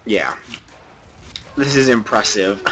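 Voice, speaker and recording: A man's voice: medium pitch, wildly swooping pitch, extremely slow, a crowd in the background. A young man co-commentating a video game match in a laid-back, joking way.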